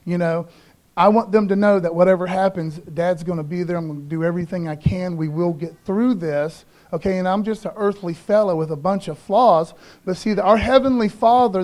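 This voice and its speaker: A man's voice: high voice, darkish tone. A middle-aged male pastor preaching a sermon in a loose, conversational way, often tagging lines with "man" and "okay".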